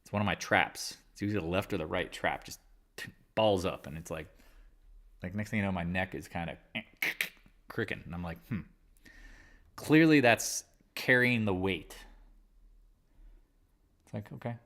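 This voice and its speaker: A man's voice: deep voice, normal speed, pauses often, fairly bright tone. A man hosting a live market chat, talking candidly and rambling, with casual swearing. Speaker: livestream trading host.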